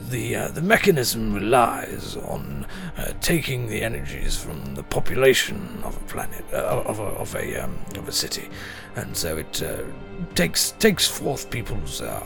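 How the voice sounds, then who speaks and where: A man voicing a fussy male centaur official who explains plans in a halting way, full of fillers. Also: on the low side, huge pitch swings, gravelly, music in the background, voice pushed down, full character voice. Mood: explaining.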